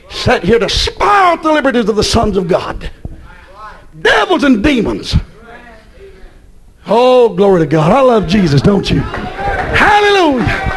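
A man preaching a fiery evening church sermon in a chanted, repetitive way with sudden shouted peaks. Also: sits high, husky.

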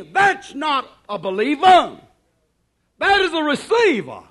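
A man preaching a sermon in an emphatic, repetitive cadence, dropping to hushed asides and rising to shouted declarations. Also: very high voice, wildly swooping pitch, moderate pace.

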